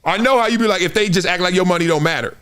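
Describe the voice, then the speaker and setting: A man in his forties hosting a casual sports talk stream, animated and trash-talking, slipping into put-on fan voices. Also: sits high, very fast, smooth. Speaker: show host.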